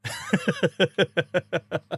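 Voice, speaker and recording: A man's voice: high-pitched, wildly swooping pitch, drawn-out words, breathy edge. A man chatting casually on a live game stream, bantering, laughing often and answering viewers' messages. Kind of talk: casual live-stream chat over gameplay.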